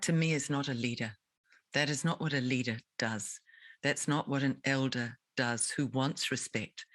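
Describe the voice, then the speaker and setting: A woman's voice: rumbling low, fairly bright tone, no room sound, low-quality recording. A woman interviewing a guest, speaking in an indignant, emphatic and rhetorical way. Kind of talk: impassioned advocacy interview.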